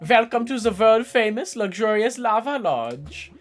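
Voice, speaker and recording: A woman's voice: fairly low pitch, animated, fast, fairly bright tone, soft background music. A woman voicing a cheery, overly polite lodge keeper, reading game dialogue aloud with an affected accent and a grand hospitable manner. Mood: grandly welcoming.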